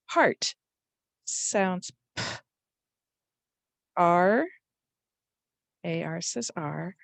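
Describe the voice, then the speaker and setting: A woman's voice: lowish voice, no echo. A woman teaching a spelling lesson to young children, patiently sounding out letters and words.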